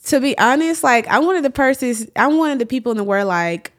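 A woman in her thirties from Milwaukee, a guest telling her story in a casual interview with animated bursts. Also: high-pitched, quick pace. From Milwaukee, USA. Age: 30s. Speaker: event organizer, guest.

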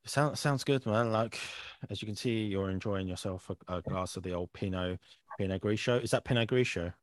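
Young English man, podcast co-host, loose rambling storyteller, lowish voice. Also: normal speed, no echo. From England. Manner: rambling, repeats words, laughs at his own stories. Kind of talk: casual chat.

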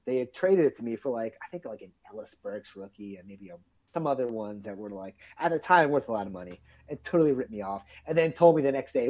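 A man telling childhood stories in casual chat, acting out quotes with loud outbursts and frequent swearing. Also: mid-range voice, fast talker, low-quality recording. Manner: animated storytelling, acts out quotes loudly; swears freely.

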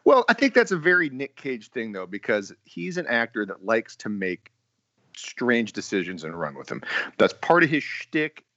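A man's voice: mid-range voice, big pitch swings, moderate pace, sharp tone, no echo, muffled recording. A man hosting a casual film discussion podcast and steering the talk. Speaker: podcast host.

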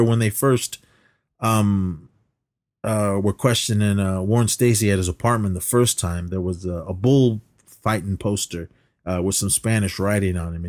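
A man's voice: on the low side, darkish tone, no echo. A man co-hosting a podcast, casually retelling a film's plot in a rambling way and quoting the characters as he goes. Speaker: podcast co-host. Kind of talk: casual film recap chat.

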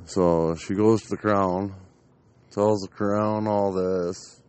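A man's voice: lowish voice, fairly even intonation, slow pace, a little mellow, clean tone. A young man casually telling a profane, rambling anecdote outdoors in his backyard. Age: young adult. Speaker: storyteller.

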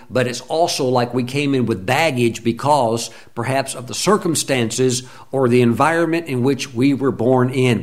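A man preaching a sermon, fervent and emphatic, acting out quoted prayers and complainers in lively voices. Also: mid-range voice. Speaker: pastor.

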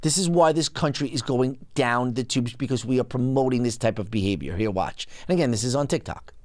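Host, political monologue: indignant, emphatic, big pitch jumps, dry close sound. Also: a little fast, no echo. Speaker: podcast host.

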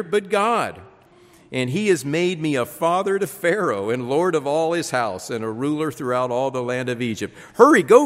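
A man preaching a sermon, reading scripture aloud with lively emphasis and frequent repeated words. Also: medium pitch. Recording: long reverb.

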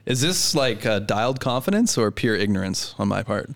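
A man's voice: on the low side, very animated, normal speed. A man co-hosting a podcast in casual chat, playful and laughing often. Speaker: podcast co-host.

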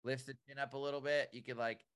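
A man co-hosting a podcast, telling a lively story in casual chat and acting out his own reactions. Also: mid-range voice, fast talker, clear, resonant tone, no echo, clean studio sound. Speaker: boat operator and podcast co-host.

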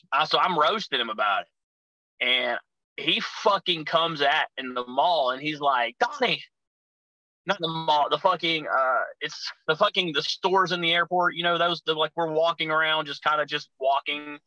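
A man's voice: on the high side, moderate pace, sharp tone, no echo, low-quality recording. A man telling rowdy, profane road stories as a guest on a casual podcast. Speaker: guest, pro wrestler.

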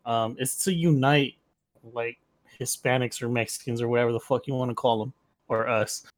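A man's voice: medium pitch, steady tone, normal speed, no echo. A young man in casual podcast chat, laid-back and filler-heavy, swearing freely. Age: young adult.

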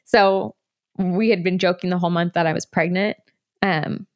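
A woman's voice: fairly low pitch, steady tone, moderate pace. A woman in her thirties telling a personal story in a candid, rambling way, with laughs along the way. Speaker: guest.

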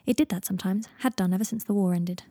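A woman hosting her own podcast, reading her own story aloud in a calm, even manner. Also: mid-range voice, fast talker, no echo, studio quality. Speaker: podcast host and fanfic reader.

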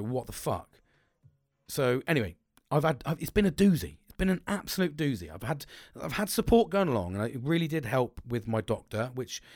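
A man's voice: medium pitch, no echo, studio quality. A middle-aged man in a blunt, sweary, rambling monologue who often restarts his sentences.

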